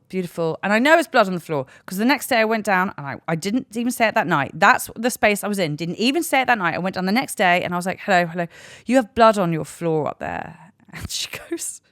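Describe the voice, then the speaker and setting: A woman's voice: medium pitch, animated, fast, few pauses, fairly bright tone, no room sound, studio quality. A woman in her thirties, a podcast host and comedian, telling a story frankly and self-mockingly, rambling with restarts. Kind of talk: candid comic storytelling. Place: podcast studio.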